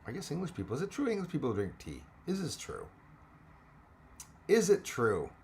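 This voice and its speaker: A man's voice: fairly high pitch, huge pitch swings, normal speed. Chatty man hosting a live chat. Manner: chatty, greets commenters by name, laughs often. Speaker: livestream host. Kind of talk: casual live chat with viewers.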